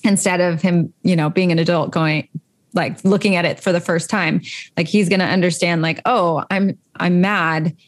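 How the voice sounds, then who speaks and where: A woman's voice: lowish voice, fairly even intonation, brisk. A woman in her thirties, a co-host talking earnestly and reflectively about emotions and parenting, with many fillers. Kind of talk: casual chat.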